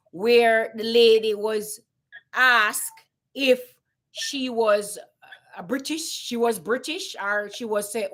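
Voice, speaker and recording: Jamaican woman, live-stream host, emphatic and repetitive, rhetorical questions, slightly high voice. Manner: emphatic, repeats herself, asks rhetorical questions. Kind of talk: casual live-stream commentary.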